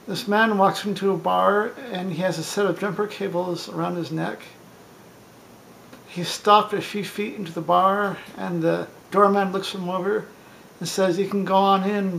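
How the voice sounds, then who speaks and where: Male joke teller, higher voice with gravelly fry, plain deadpan read over faint hiss. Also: poor audio. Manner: plain storytelling delivery with small stumbles. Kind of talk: reading a list of bar jokes.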